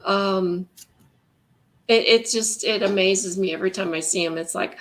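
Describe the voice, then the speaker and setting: A woman's voice: medium pitch, normal speed. A woman author musing wryly on a video call about writing habits. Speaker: author and guest reader. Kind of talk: casual chat on a video call.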